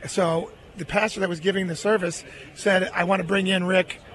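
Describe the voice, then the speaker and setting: A middle-aged man, an interview guest, telling a long personal story in an earnest, animated way. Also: high-pitched, normal speed, slight background noise.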